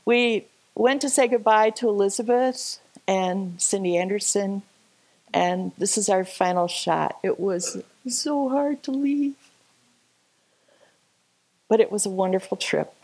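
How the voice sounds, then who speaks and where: A woman telling a lively, chatty story to a church congregation over a slideshow, laughing often. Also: mid-range voice, takes it slowly, rough recording. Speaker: church speaker sharing a trip slideshow. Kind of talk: casual storytelling talk. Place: church service.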